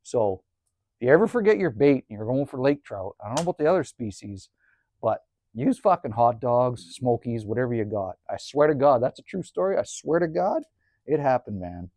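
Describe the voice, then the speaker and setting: A man's voice: mid-range voice, brisk, no echo. A man casually telling a story by a woodstove, laid-back and cursing freely, close to the mic. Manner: laid-back, swears freely, animated when retelling. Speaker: cabin vlogger.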